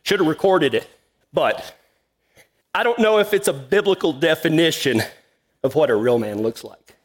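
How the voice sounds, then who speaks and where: High-voiced cowboy preacher. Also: male voice, lively intonation, moderate pace. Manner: drawling, folksy, laughs at his own story. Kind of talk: folksy storytelling sermon.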